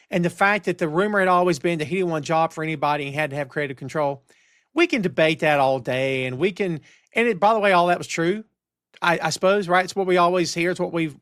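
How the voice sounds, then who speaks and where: Man, middle-aged, podcast host, animated, reads chat aloud, high-pitched, dry studio sound. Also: dry recording. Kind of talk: live-stream wrestling talk show. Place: home studio on camera. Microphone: headphones and studio mic.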